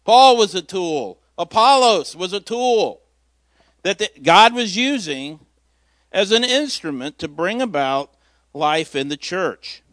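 Guy preaching a laid-back folksy sermon, kinda high voice, dry close sound. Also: animated, slow pace, fairly bright tone, no echo. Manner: folksy, storytelling, self-deprecating with chuckles. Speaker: lay preacher filling in at church. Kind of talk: informal sermon.

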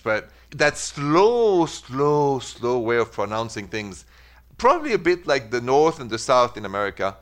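A man's voice: on the low side, a bit bright. A man hosting a call-in radio advice show in a chatty, encouraging way.

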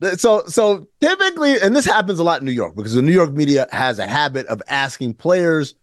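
A man co-hosting a casual sports talk show, emphatic and animated, often mimicking other voices. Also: on the high side, fairly quick, no echo, clean studio sound. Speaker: podcast co-host.

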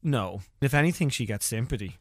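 An Irish man, a comedian being interviewed, telling stories in lively casual chat and acting out voices as he goes. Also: mid-range voice, a little fast, dry recording, studio quality. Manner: animated storytelling, acts out voices, laughs often. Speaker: comedian guest.

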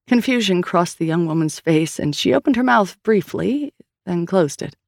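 A woman's voice: on the low side, normal speed, vocal fry, dry recording. Woman narrating a story, dry close mic. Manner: steady storytelling reading. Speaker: audiobook narrator. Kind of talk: scripted narration.

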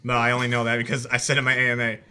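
A man's voice: medium pitch, completely flat delivery, very fast, sharp tone. A man co-hosting a podcast in casual chat, telling rambling stories with laughs. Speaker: podcast co-host.

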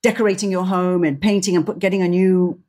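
A woman's voice: lowish voice, fast. A middle-aged woman co-hosting a podcast in casual chat, telling anecdotes with lots of energy and acting out the voices of other people. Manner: lively anecdote teller, acts out quoted voices. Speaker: podcast co-host, decorator.

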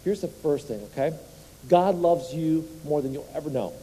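A male pastor preaches to his congregation, with a fairly high but very dark, mellow voice and a husky edge. He throws questions at the crowd and has them answer back. The sound rings out with a long reverb, as from a church sanctuary. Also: moderate pace. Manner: leads the congregation in call-and-response; asks rhetorical questions to the crowd. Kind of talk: sermon.

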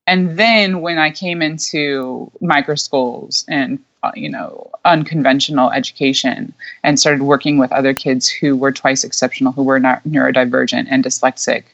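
A young woman with a low-pitched voice tells her story as an interview guest, chatty and quick to laugh, with plenty of fillers. The recording sounds dull and lo-fi. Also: steady tone, gravelly. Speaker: guest, micro school founder.

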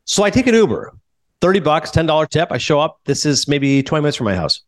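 Animated fast-talking man critic. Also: on the high side. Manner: animated, quick, acts out dialogue. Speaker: film critic and podcast host. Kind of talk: casual storytelling monologue and interview.

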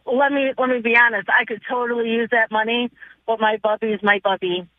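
A woman's voice: fairly high pitch, fairly even intonation, a little fast, no echo. A woman calling into a radio show, earnest and a little nervous, heard over the phone. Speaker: caller. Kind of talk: phone-in call. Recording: tinny phone line.

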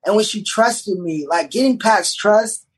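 A man, a TV writer, telling stories on a podcast in an animated, rambling way with many restarts. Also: high voice, a little slow, husky, rough recording. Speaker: TV writer guest. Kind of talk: casual podcast chat.

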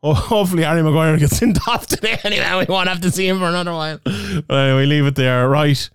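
A man co-hosting a podcast, his voice smooth and resonant and a touch higher than most. He talks bluntly and jokes around, swearing freely. The sound is close and dry, with no room in it. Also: quick pace, no room sound. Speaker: podcast co-host. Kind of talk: casual podcast chat.

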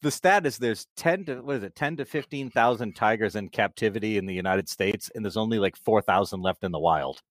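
A man hosting a casual podcast, animated and quick with laughing asides. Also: lowish voice, no room sound, clean studio sound. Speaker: podcast host. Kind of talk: casual chat.

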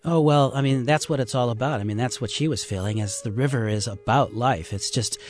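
A man's voice: mid-range voice, brisk, darkish tone, soft background music. An older man, a river guide, telling stories in an earnest, folksy way with plenty of fillers on a radio interview. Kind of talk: casual radio interview storytelling.

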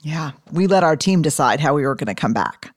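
A woman hosting an interview podcast, upbeat and casual, steering the guest through rapid-fire questions and swearing now and then. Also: low voice, lively intonation, no echo, clean studio sound. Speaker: podcast host. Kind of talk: conversational interview.

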